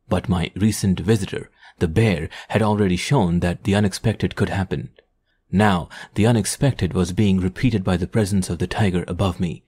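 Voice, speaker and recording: A man narrating an adventure audiobook in a measured, descriptive storytelling manner. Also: low voice, warm tone, husky. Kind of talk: scripted narration.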